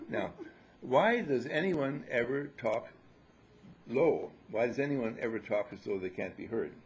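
A man's voice: mid-range voice, dull audio, slight background noise. An older man leading a group in a casual spiritual talk, playful and teasing as he lectures. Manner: lively, joking, playful lecturing.

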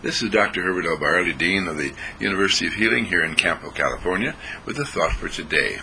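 A man giving an inspirational daily thought in a slow, deliberate, folksy manner, often clearing his throat. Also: sits low, expressive, bright, forceful tone, a little hiss or hum, rough recording. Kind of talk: inspirational radio talk.

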